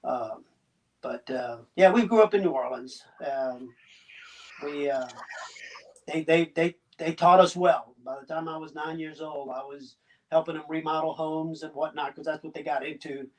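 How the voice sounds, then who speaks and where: A Cuban-born man in his sixties with a slight Southern US accent, telling his story as a guest in a casual interview, halting and chuckling as he goes. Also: on the high side. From Cuba. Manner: halting, chuckling, many restarts. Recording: distant mic.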